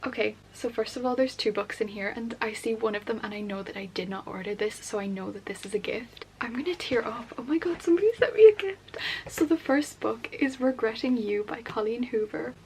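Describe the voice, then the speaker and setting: A young woman chatting in a casual book vlog, gushing and excitable, often dropping to a soft near-whisper. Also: a little high, a little fast, hardly any pauses, a little hiss or hum, low-quality recording. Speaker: book vlogger. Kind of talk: casual reading vlog chat.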